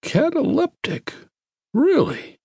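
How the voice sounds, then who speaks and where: A man's voice: fairly high pitch, huge pitch swings, unhurried, vocal fry, a little mellow, husky, no room sound, studio quality, voice pushed up, full character voice. A male narrator voicing an insistent, curious army doctor who presses with questions. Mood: astonished.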